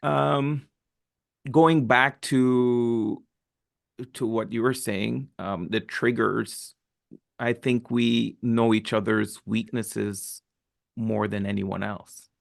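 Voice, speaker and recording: A man's voice: medium pitch, steady tone, drawn-out words, gravelly. A man co-hosting a family podcast, talking reflectively and thinking aloud. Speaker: podcast co-host. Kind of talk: casual chat.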